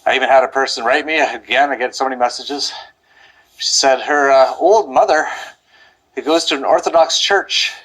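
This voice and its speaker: A man's voice: medium pitch, moderate pace, a bit bright, low-quality recording. A man vlogging outdoors while walking up a steep hill, rambling and out of breath, sighing often. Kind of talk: casual walking monologue.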